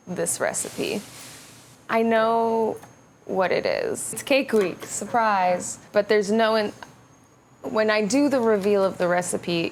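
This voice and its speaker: Young woman vlogger, gravelly, rambling, self-mocking, faint noise behind. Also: medium pitch. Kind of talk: casual chat to camera. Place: home bakery tent.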